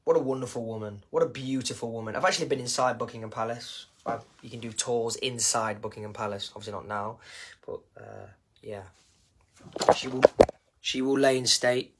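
A man's voice: medium pitch, a bit bright, breathy edge. A man from England with an English accent, talking casually and emotionally on a live stream, rambling and repeating himself.

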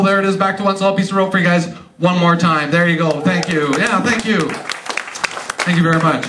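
A man performing stand-up comedy magic for a live audience, teasing them with quick joking asides. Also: high voice, distant mic. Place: live show venue. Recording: roomy live stage sound from off-mic, loud audience. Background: audience laughing.

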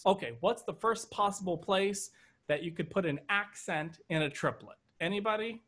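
A man's voice: high-pitched, moderate pace, fairly bright tone. A man teaching an online drum lesson over a video call, counting triplets aloud in rhythm and joking now and then. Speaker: drum instructor.

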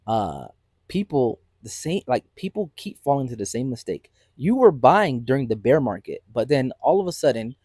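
A man hosting his own crypto channel, talking off the cuff in an animated, emphatic way and often tagging "right?" onto his points. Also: mid-range voice, no echo. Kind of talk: casual unscripted market commentary.

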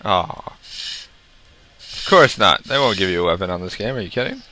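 Over faint music, a young man gives casual let's-play commentary in a deep, expressive voice that is pushed and bright, at a moderate pace. Jumpy by nature, he swears, talks to himself, hums, and yelps whenever something startles him.

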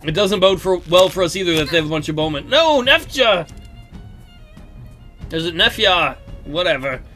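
Joking let's-play host, man; bright, high, animated. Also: normal speed, soft background music. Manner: joking, chatty, reads game text aloud. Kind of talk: casual gameplay commentary.

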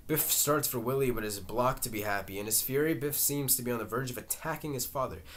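A man reading a play's stage directions aloud, halting now and then. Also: medium pitch, a bit bright. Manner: halting, with fillers and restarts. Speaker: reader.

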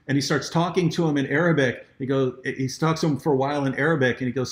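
A man hosting a live discussion, telling stories in an animated way with many restarts. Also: medium pitch, quick pace. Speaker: apologetics show host.

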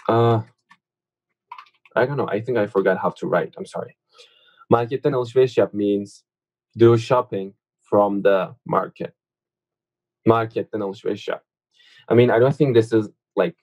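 A young man with a somewhat low voice teaches Turkish verbs in a relaxed, unhurried online lesson. His first language is Turkish, and his explanations wander through fillers and self-corrections. Keyboard typing clicks now and then behind him. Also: highs cut off. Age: young adult. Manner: informal, many fillers, corrects his own slips.

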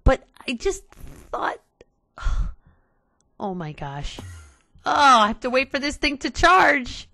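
A woman's voice: fairly high pitch, animated, a little slow, fairly bright tone, dry recording. A woman hosting a casual let's play, talking to her viewers in an exasperated way and sighing often. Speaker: gaming channel host.

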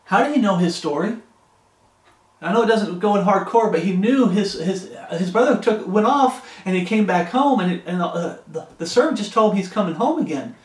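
A man's voice: sits high, animated, moderate pace, echoey room. A man preaching a fervent, pleading sermon, quoting scripture in old-fashioned wording.

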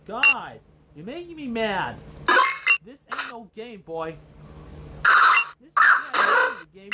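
A woman's voice: a little high, big pitch swings, slow pace, long pauses, heavy background noise. A woman playing a monster-catching game and commenting casually, swearing and trash-talking at the game and muttering in frustration. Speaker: gameplay streamer.

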